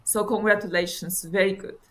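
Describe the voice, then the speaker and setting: A woman's voice: medium pitch, fairly even intonation, fairly quick, rough recording. A woman with judging a piano audition over a video call, searching for words and singing short phrases to make her point. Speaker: music judge. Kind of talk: spoken feedback on a performance.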